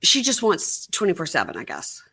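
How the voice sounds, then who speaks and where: A woman hosting a podcast, casually recapping a reality show episode and acting out the cast's lines in an animated way. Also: lowish voice, normal speed, creaky, breathy edge. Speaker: podcast host. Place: her sister's house, dim room.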